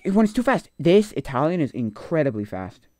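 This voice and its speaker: A man talks off the cuff on a live stream, wandering from point to point and dropping into mutters. His voice is mellow and dark, recorded close and dry with no room sound. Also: on the high side, very animated, brisk, no room sound. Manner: rambling and opinionated, trailing off and muttering. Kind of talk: casual live-stream commentary.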